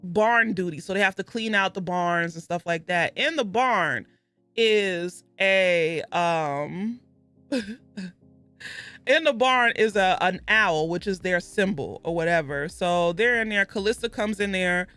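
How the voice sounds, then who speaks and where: Chatty book-club vlogger with a bright voice. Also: mid-range voice, unhurried, smooth, no room sound, soft background music. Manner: chatty and rambling, with self-corrections and asides. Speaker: book club video host. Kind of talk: casual book recap.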